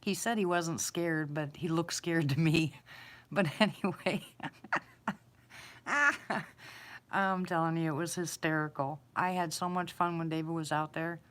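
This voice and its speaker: A woman's voice: sits low, fairly even intonation, moderate pace. A woman casually telling a personal story, rambling, repeating herself and chuckling. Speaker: eyewitness storyteller.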